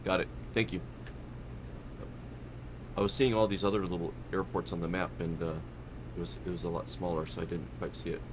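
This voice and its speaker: A man's voice: low-pitched, flat delivery, brisk, long pauses, background noise. A man hosting a live stream, chatting casually and rambling as he flies a flight simulator, often correcting himself and laughing.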